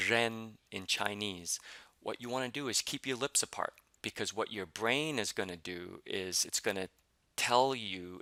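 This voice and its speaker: Deep creaky-voiced male language teacher. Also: sharp tone, no echo. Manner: patient, explains step by step with many fillers; repeats example syllables slowly. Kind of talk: pronunciation lesson.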